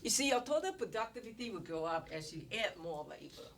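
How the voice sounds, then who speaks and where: In a medium-pitched, sing-song voice and at a slightly fast clip, a woman teaches an economics class, walking through ideas step by step and asking rhetorical questions. Noise and clicks come through on the distant mic.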